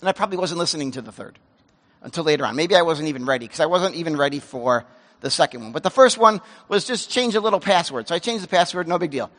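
A man delivers a sermon from the pulpit, his voice pitched very high with a sharp, bright edge. He is animated, acting out dialogue and dropping from loud bursts to hushed asides. The sound rings out with a long reverb from a large hall. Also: brisk. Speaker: pastor. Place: church sanctuary.

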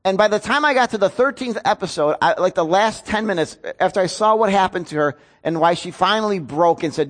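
A man's voice: sits high, expressive, a little fast, few pauses, a bit bright. A man, a pastor preaching a sermon in an earnest, storytelling way. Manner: earnest, storytelling with rising emotion.

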